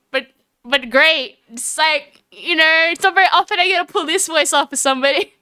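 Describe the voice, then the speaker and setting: A woman's voice: high-pitched, sharp tone, no echo. A woman streamer giving chatty, giggly commentary while playing a game and talking to her chat on a close desk mic. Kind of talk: casual let's-play commentary.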